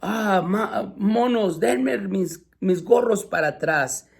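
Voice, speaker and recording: A man's voice: high-pitched, slow pace, vocal fry, husky, pitched above the performer's own voice, full character voice. A man voicing an angry male cap peddler in a storybook read-aloud, raising his voice in a scolding, pleading way.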